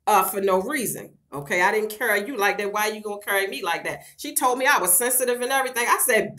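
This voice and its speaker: High, animated and fast, with a sharp edge, a middle-aged woman talks casually to camera in her vlog. She addresses her viewers as "girl," speaking frankly while laughing and cursing a great deal.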